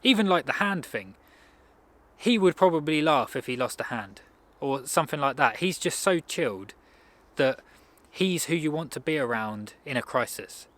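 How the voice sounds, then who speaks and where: A man's voice: a little high, lively intonation, normal speed, a bit bright. A man giving a casual self-improvement talk in a loose, rambling way, often restarting his sentences. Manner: rambling, conversational, frequent restarts.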